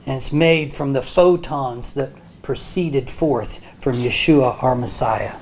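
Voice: mid-range voice, slow pace, a little mellow, slight background noise. A Bible teacher giving a sermon, often checking in with listeners and restarting phrases as they explain. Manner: frequent check-ins with listeners.

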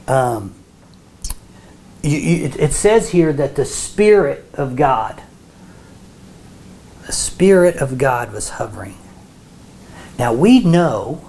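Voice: mid-range voice, darkish tone. A Bible teacher giving a sermon, often checking in with listeners and restarting phrases as they explain. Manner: frequent check-ins with listeners.

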